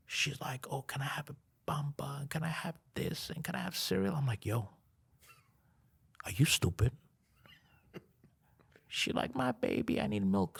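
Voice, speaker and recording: A man with a raspy, gravelly voice spins a story as a podcast guest. His pitch swings widely, and he laughs and whispers through the quoted lines. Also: a bit bright. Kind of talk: animated storytelling.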